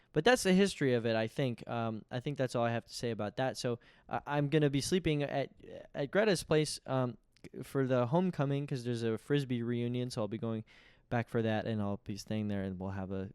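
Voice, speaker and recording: In a clean studio recording with no room sound, a young podcast host delivers a loose, self-deprecating monologue, often restarting his sentences. He speaks at a moderate pace in a medium-pitched voice that is a little mellow, clear and resonant.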